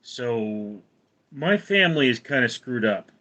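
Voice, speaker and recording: A man's voice: medium pitch, sing-song, a little slow, pushed and bright, rough recording. A man hosting a casual livestream, rambling and answering viewers' chat questions. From California. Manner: rambling, reads chat aloud. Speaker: livestream host.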